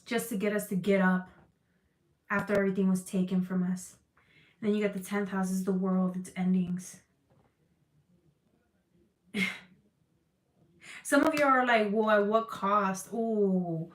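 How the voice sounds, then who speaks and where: A woman's voice: medium pitch, fairly even intonation, measured pace, pauses often, echoey room, rough recording. A woman giving a tarot reading to her viewers, emotional and tearful, swearing freely and calling them y'all. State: crying. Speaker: tarot reader.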